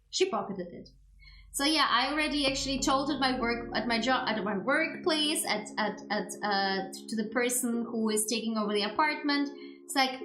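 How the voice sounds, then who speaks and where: A woman's voice: a little high, expressive, moderate pace, a bit bright. A woman streamer in casual chat, ranting and swearing in exasperation. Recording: roomy echo with background music. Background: background music.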